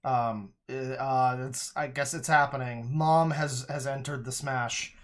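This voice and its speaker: A man's voice: mid-range voice, fairly even intonation, slow pace. A man reacting to a clip on a live stream with sarcastic, profane asides. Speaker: stream commentator.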